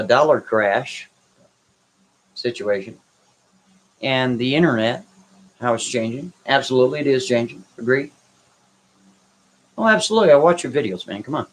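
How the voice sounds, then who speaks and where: This medium-pitched man runs a casual live stream, tossing off blunt, brash, dismissive replies to comments from chat. The recording is rough.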